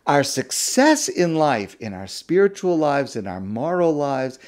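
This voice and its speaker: Slow, emphatic rabbi giving a Torah talk. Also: male voice, on the high side, sing-song, darkish tone. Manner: emphatic, repeats key words for stress.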